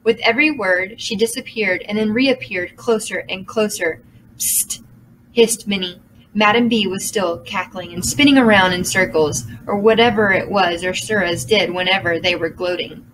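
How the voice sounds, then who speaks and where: A woman reads a children's novel aloud in a measured storytelling voice. Her pitch sits in a middle range. A faint hiss stays under the recording. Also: a bit bright, rough recording. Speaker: audiobook narrator. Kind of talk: scripted narration.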